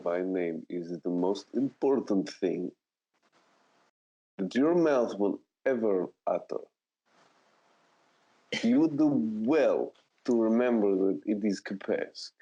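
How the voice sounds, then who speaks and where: A towering, haughty male lizardfolk warrior , as a player puts him on, talks in a low, dark, slow and menacing voice. The sound is dull and lo-fi. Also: expressive, slightly rough, heavily acted. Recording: dull lo-fi mic.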